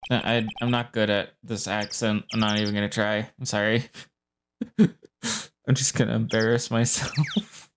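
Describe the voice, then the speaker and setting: Low-voiced woman streamer, self-deprecating. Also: unhurried, slight background noise. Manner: self-deprecating, giggly asides. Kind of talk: casual gameplay commentary. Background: game music.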